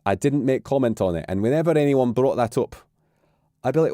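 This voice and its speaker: A man's voice: medium pitch, quick pace, dry recording, studio quality. A man with an English accent, chatting casually and jokingly on his stream. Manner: rambling, joking, animated. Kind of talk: casual chat.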